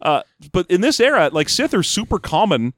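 A man co-hosting a casual comedy podcast, quick and self-mocking, sometimes tripping over his words. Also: sits high, sing-song, no room sound, clean studio sound. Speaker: podcast co-host.

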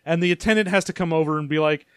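A man with a fairly high voice, recorded dry and close. He banters in an animated, laughing way while co-hosting a casual podcast recap. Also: racing, smooth, dry recording. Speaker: podcast co-host. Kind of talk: casual comedic book recap.

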